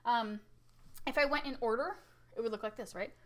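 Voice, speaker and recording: This music teacher, a woman whose voice sits slightly high, moves at a brisk clip through a laid-back recorded lesson. Chatty and animated, she often asks "right?" and illustrates loudness and softness vocally.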